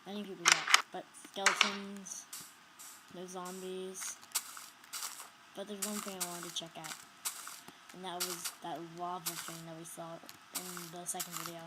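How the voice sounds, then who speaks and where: A woman's voice: fairly low pitch, level tone, a little slow, long pauses, heavy background noise. Jumpy young woman narrating a game. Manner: jumpy, shrieks when startled. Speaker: gamer narrating her play. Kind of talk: casual gameplay commentary.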